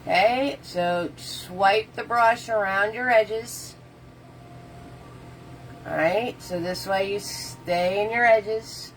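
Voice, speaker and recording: A woman's voice: medium pitch, slow pace, a little hiss or hum, poor audio. Chatty woman teaching a painting class. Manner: chatty, answers viewer comments while painting; casual, loose step-by-step instructions. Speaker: painting instructor. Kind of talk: live painting tutorial.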